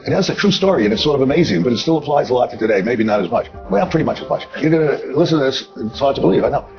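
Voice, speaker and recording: A man's voice: mid-range voice, lively intonation, very fast, vocal fry, a little mellow, lo-fi sound, faint music behind. An older man telling a business story bluntly, digressing and repeating himself with filler asides. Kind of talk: anecdotal storytelling.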